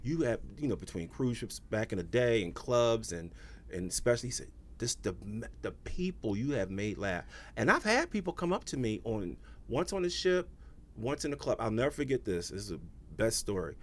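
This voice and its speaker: A middle-aged male comedian in a relaxed interview, his voice swinging widely up and down as he tells stories. He slips into the voices of the people he quotes. His pitch sits in an ordinary middle range. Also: a little fast. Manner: animated storyteller who acts out the people he quotes. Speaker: guest comedian. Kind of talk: casual interview storytelling.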